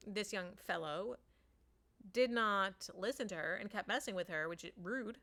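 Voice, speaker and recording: A woman's voice: mid-range voice, normal speed, bright, forceful tone. A woman telling a parenting story in a casual monologue, with lots of "like" fillers, acting out what people said. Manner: chatty, acts out quotes, many "like" fillers.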